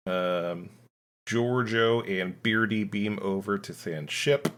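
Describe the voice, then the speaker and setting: Man, lowish voice, casual podcast recap, stop-start delivery with fillers. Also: fairly bright tone. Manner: halting, full of ums and restarts. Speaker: podcast host summarizing a film. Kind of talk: casual chat.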